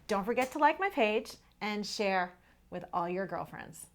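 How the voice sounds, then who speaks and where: A woman's voice: medium pitch, expressive, a little slow. A middle-aged woman hosting her own vlog, telling a personal story to her viewers in a candid, conversational way. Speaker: vlog host.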